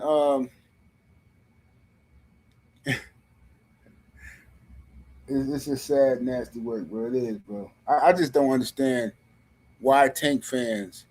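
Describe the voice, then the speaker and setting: A man's voice: medium pitch, slow pace, pauses often, darkish tone. A man hosting a live stream, ranting about boxing in a heated, slangy way and speaking straight to his viewers.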